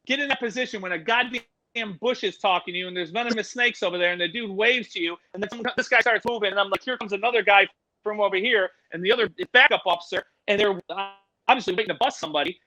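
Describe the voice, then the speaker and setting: Casting: middle-aged man, high bright voice, a lively swearing storyteller, dry close mic. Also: fast, dry recording, low-quality recording. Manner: animated, swears freely, acts out voices in his stories. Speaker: podcast guest, animal educator. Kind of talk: casual storytelling.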